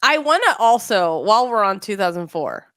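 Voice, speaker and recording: A woman co-hosting a podcast, chatting casually with quick jokes and asides. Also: mid-range voice, dry recording. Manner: animated, joking, quick asides. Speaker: podcast co-host. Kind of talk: casual chat.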